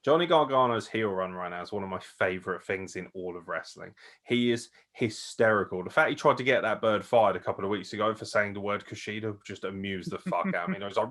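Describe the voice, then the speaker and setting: A man co-hosting a casual wrestling news chat, excitable, swearing freely and laughing often. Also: on the low side, fast. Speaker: podcast co-host.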